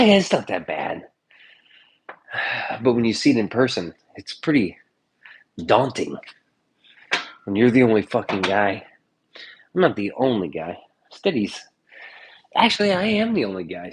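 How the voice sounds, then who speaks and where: A man's voice: fairly low pitch, slight background noise. A man chatting casually in his kitchen in a vlog, joking and swearing loosely. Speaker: streamer. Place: home kitchen.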